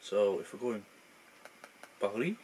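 A man's voice: lowish voice, lively intonation, slow, warm tone, a little hiss or hum. Young man rambling over gameplay. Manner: thinks aloud, rambling, self-mocking. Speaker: gaming channel host. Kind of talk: casual gameplay commentary.

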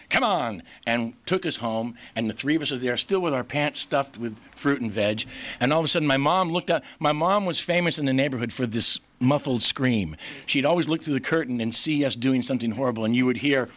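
A man's voice: medium pitch, fairly quick, fairly bright tone. A middle-aged man speaking at a recovery meeting, candid and self-mocking, telling his life story and laughing often. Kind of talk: personal story talk. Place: meeting hall.

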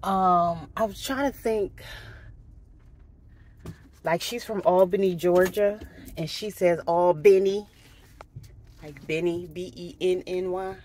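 A woman vlogger chatting casually to her viewers, telling a story in an animated way and often asking "right?". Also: fairly low pitch, slow pace, long pauses.

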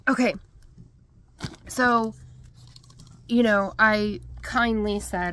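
A woman's voice: medium pitch, measured pace, long pauses, fairly bright tone, slight background noise. A woman in a storytime vlog, chatty and exasperated, with lots of "like" and "um". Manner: many fillers like "like" and "um". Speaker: crafting vlogger.

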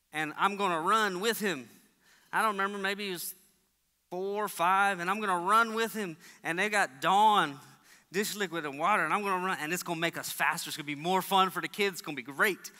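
A man preaching a sermon as pastor, telling stories and acting out the voices in them. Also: sharp tone. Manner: storytelling, acts out voices with big pitch jumps. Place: church sanctuary. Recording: long church hall reverb.

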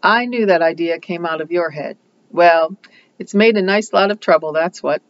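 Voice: mid-range voice, normal speed, highs cut off, close to an everyday voice. A reader voicing a gossipy, self-assured older woman neighbor from a storybook, emphatic and scolding. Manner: emphatic, scolding, repeats a pet phrase.

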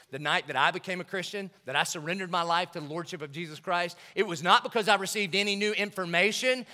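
A man preaching a sermon, telling stories in a lively way and acting out the people in them. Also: mid-range voice. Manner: animated storytelling preacher acting out scenes. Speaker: pastor. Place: large church auditorium. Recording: large hall with long reverb.

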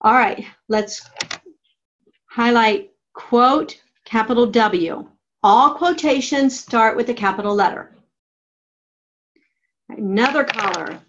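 A woman teaching a writing class, giving slow, methodical step-by-step instructions on punctuation. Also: fairly high pitch, fairly bright tone, highs cut off, slight background noise. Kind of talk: classroom grammar lesson.

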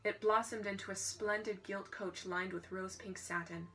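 A woman reading a storybook aloud in a casual way, breaking off for quick, joking asides. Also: mid-range voice, steady tone, a bit bright, soft background music, rough recording.

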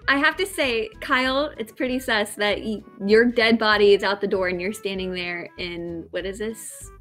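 A woman's voice: mid-range voice, normal speed, fairly bright tone, soft background music. A woman explaining herself in a flustered way during a casual game chat.

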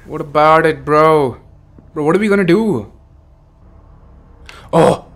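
Brief: young male gaming streamer, slightly high voice, excitable, swears a lot. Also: slow pace. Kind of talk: horror game commentary.

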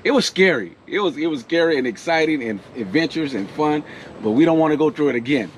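A man, excitedly telling a camping story outdoors in a casual vlog. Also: fairly high pitch, quick pace, a little hiss or hum. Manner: excited, animated retelling with frequent laughs. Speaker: vlogger. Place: outdoor campsite.

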